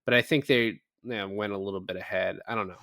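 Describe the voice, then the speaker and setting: A man with a fairly low voice talks through a movie scene by scene in a loose podcast chat. He acts out the characters' lines as he goes and swears casually. The sound is dry and close, with no room around it. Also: fast talker, no room sound. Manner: animated retelling with quoted lines and swearing. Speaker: podcast co-host.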